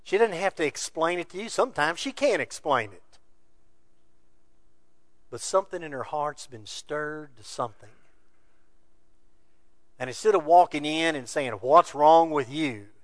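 Male pastor, high voice, earnest sermon delivery, shifting soft to loud. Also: no room sound. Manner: earnest exhorting preaching, swinging between soft and loud.

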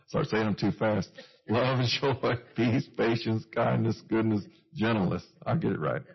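Male preacher, husky gravelly voice, easygoing sermon, muffled lo-fi recording. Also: fairly low pitch. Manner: conversational, with self-deprecating asides and chuckles.

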